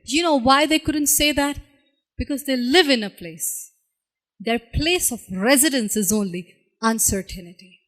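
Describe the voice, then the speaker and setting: A woman delivers a sermon in a high, bright, ringing voice. She keeps asking her listeners rhetorical questions and acts out the people she quotes, with big jumps in pitch. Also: lively intonation, moderate pace. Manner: repetitive rhetorical questions to the congregation. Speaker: preacher.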